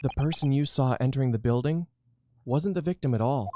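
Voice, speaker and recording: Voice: mid-range voice, a little fast, noisy background. A streamer playfully reading game dialogue aloud during a let's play and laughing often. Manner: laughs often, reads lines with dramatic flair.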